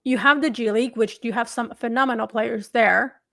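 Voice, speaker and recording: Woman, sports podcast host, fairly high voice, emphatic, talks in fragments, dry sound. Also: steady tone, fairly quick, vocal fry, bright, forceful tone, dry recording. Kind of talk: casual sports talk.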